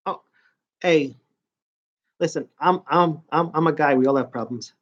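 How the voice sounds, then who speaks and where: A man's voice: on the high side, sing-song, normal speed, pauses often, slightly rough. A man in his forties with a New York accent, chatting casually to viewers on a live stream, rambling and stop-start. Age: 40s. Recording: dull lo-fi stream audio.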